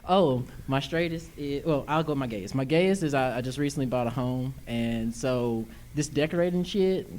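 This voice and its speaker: A man's voice: mid-range voice, moderate pace, hardly any pauses, darkish tone, slight background noise. Folksy rambling man from Texas. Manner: folksy, rambling, self-deprecating. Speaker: audience member. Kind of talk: casual sharing at a live show.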